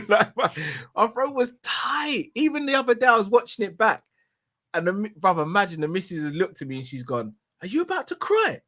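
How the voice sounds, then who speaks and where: A man with a high, bright voice that swings widely in pitch. He tells stories animatedly and laughs easily. His delivery is expressive and full of energy. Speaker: co-host. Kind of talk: casual chat.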